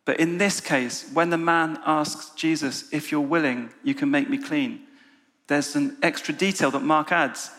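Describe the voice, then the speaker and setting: A man delivers a sermon, his voice sitting a little higher than most. He walks his listeners through an imagined scene and asks them questions as he goes. The sound carries a long reverb from the room around him. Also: pushed and bright. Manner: storytelling, inviting the audience. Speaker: preacher. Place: church meeting room with an audience.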